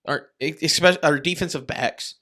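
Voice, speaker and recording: A young man with a bright, slightly high voice, talking loosely on a sports podcast. He swears freely and keeps breaking into laughs as he riffs. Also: fairly quick. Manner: profane, joking, laughs often. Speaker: podcast co-host. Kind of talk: casual chat.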